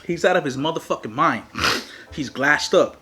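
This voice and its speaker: A young man with a fairly high voice telling a wild story in a relaxed, slangy way, swearing freely as he goes. He talks between bites, loose and animated, the way you would with friends. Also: moderate pace, husky. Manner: profane, slangy, animated retelling. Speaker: mukbang host. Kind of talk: casual storytime while eating.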